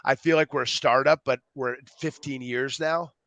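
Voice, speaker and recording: A man being interviewed as a youth program co-founder, explaining ideas with lively acted-out quotes. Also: mid-range voice, moderate pace, dry recording. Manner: animated storyteller, acts out quotes. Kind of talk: podcast interview.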